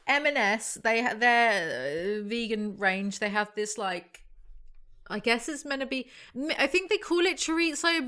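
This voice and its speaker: A woman's voice: mid-range voice, fairly bright tone. A young British woman who makes videos, reading a novel aloud and breaking off for sarcastic, self-mocking asides. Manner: sarcastic, wry and self-mocking, laughs often. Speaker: YouTuber.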